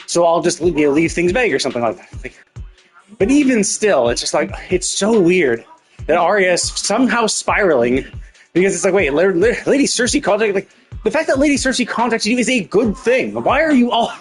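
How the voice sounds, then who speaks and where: A man's voice: sits high, very animated, fairly quick, faint music behind. A man streaming a game live, ranting in exasperation and swearing constantly about the story. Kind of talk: live gameplay commentary.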